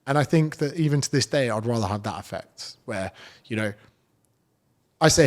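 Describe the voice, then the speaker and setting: A man in a relaxed podcast conversation, telling stories in a blunt, swearing way. His voice sits at an ordinary pitch for a man. He talks as a fitness coach chatting with a host. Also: moderate pace. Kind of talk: casual podcast chat.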